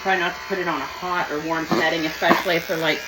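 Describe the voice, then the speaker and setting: A woman's voice: on the low side, little pitch movement, fast, heavy background noise. A woman who grooms dogs, chatting casually through a grooming vlog and slipping into baby talk with the dog. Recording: clipper buzz behind the voice. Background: electric clippers buzzing.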